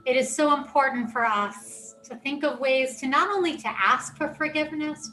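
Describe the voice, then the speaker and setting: Woman leading family worship, higher voice, inviting, heard from a distance. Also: moderate pace, few pauses, faint music behind. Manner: warm and inviting. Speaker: service leader.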